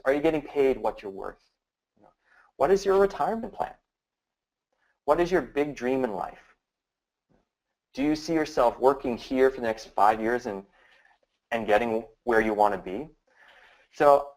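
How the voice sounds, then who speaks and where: A man's voice: mid-range voice, rough recording. Man coaching in an easy casual way. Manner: casual and coaching, acts out sample questions with shifting tone. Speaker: business trainer. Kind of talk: recorded training talk.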